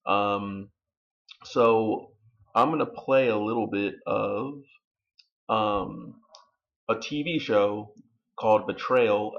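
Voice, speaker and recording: A man hosting a video, chatting casually with lots of ums and relaxed restarts. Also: on the low side, gravelly, lo-fi sound. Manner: relaxed, many fillers. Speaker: video host. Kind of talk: casual chat.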